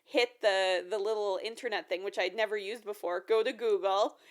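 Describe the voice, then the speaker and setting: A woman co-hosting a podcast, telling animated stories in casual chat and laughing often. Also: medium pitch, moderate pace. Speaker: podcast co-host.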